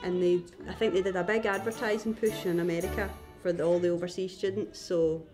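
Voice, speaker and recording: A young Scottish woman appears as a podcast guest in a casual chat, telling anecdotes, laughing often and acting out voices. Her voice is fairly low with fairly even intonation and a brisk pace, and music plays in the background.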